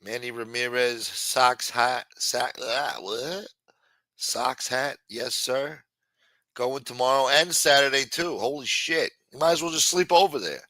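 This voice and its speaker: A bright, forceful man hosts a late-night live stream and riffs on viewer comments. His talk rambles and is full of cursing. The sound is dry and close to the mic. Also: mid-range voice, measured pace, no room sound. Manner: profane, rambling and riffing. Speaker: live-stream show host. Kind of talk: casual chat, reading viewer comments.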